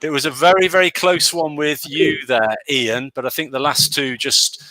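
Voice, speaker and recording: A man's voice: a little high, normal speed, bright, forceful tone, low-quality recording. A man hosting an online pun competition, upbeat and joking as he runs the votes. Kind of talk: casual hosting.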